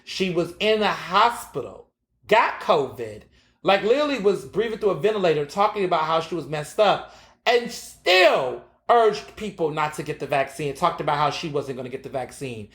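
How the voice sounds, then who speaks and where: Sassy, animated male podcast host. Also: a little high, roomy sound. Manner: sassy, animated storytelling with frequent fillers and profanity. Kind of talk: casual opinion monologue.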